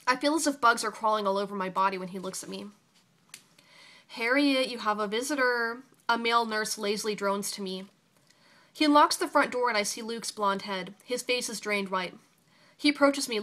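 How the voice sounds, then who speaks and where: A woman's voice: mid-range voice, fast, bright, forceful tone. A young woman reading aloud her own raw, intense personal story.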